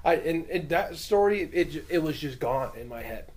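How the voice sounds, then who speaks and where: A man co-hosting a casual podcast, telling crude stories loudly and animatedly, laughing and shouting through the quoted bits. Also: a little high, animated, normal speed, slight background noise. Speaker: podcast co-host. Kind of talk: casual crude chat among friends.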